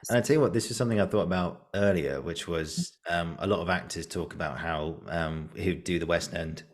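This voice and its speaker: A man hosting a podcast, talking in a relaxed, reflective, easygoing way. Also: low-pitched, fairly quick. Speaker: podcast host. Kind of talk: casual podcast chat.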